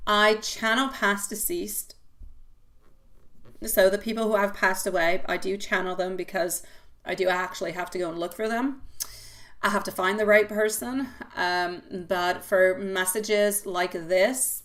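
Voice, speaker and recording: A middle-aged woman hosts a live tarot stream with a bright, clear tone. She talks to viewers warmly, calling them sweetie and my love. Her talk rambles and circles back with repeated words. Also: on the low side. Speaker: tarot reader.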